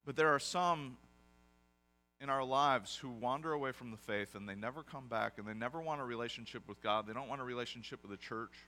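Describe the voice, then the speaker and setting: Bright-voiced male pastor preaching. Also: mid-range voice, a little fast. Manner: conversational preaching with self-deprecating asides. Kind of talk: sermon.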